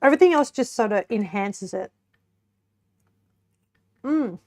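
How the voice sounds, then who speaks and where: A woman's voice: medium pitch, expressive, a little slow, darkish tone. A young woman streamer chatting casually to her viewers while cooking and tasting a pie, giggling now and then. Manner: chatty, giggly, talks to chat while eating.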